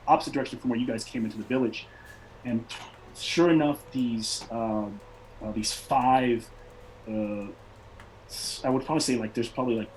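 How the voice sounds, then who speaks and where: A man's voice: mid-range voice, darkish tone, a little hiss or hum, poor audio. A man narrating a tabletop game as game master, with a rambling, loose delivery. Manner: rambling, many fillers and restarts.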